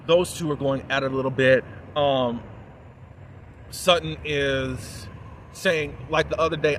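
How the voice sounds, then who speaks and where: A man's voice: on the high side, fairly quick, fairly bright tone, slight background noise. Sassy, opinionated man recapping reality TV. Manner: sassy, opinionated, talks straight to viewers. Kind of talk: casual recap commentary.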